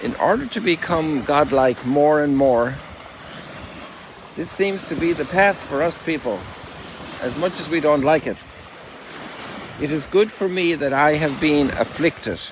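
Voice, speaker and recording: A man with a somewhat high voice walks along a lakeshore at sunrise, sharing a spiritual reflection as a priest. He dwells on scripture slowly and with emphasis, and breaks off now and then in wonder. Wind and surf are clearly heard behind him. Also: lively intonation, poor audio. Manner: strolling while talking. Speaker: Catholic priest.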